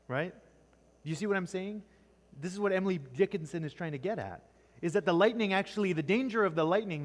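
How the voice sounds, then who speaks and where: A man teaching a class on poetry in a church classroom. He keeps quizzing the students and ends nearly every point with "right?". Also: on the high side. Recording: long echoing reverb.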